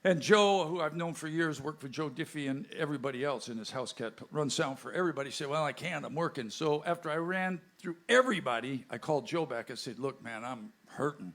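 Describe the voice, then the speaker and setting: A man's voice: a little high, fast talker, few pauses, a bit bright. Folksy joking man at a live show. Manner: folksy, joking banter with the audience. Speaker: bandleader and stage host. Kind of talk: onstage band introductions. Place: live music venue with a crowd. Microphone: stage microphone.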